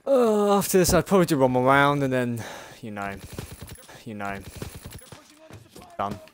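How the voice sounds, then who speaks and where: Raging gamer guy, lively pitch. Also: unhurried, slight background noise. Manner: frustrated, swearing, raging at the game. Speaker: gaming channel host. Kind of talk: casual gameplay commentary.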